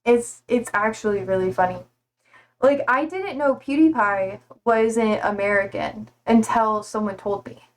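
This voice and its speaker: A woman's voice: a little high, unhurried. A woman streaming live, talking casually to her chat in a slightly raised voice. She rambles from thought to thought and laughs at her own shortcomings. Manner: rambling, laughing, self-deprecating.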